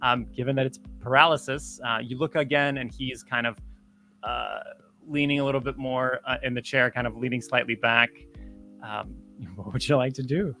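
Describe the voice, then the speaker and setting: Game master, mid pitch, halting narration with many fillers. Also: steady tone, pushed and bright, soft background music.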